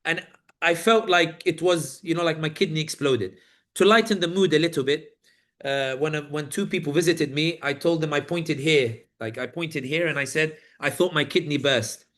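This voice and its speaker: High-voiced man telling a vivid story. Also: moderate pace. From Britain. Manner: animated storytelling, acting out guards and inmates. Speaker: speaker recounting detention. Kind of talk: personal account at a press event.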